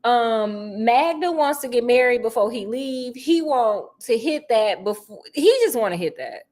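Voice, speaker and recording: Casual cooking vlogger: woman, bit high-pitched, sassy running commentary. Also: animated, measured pace, darkish tone. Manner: sassy, chatty, full of asides like honey and girl. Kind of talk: casual chat while cooking.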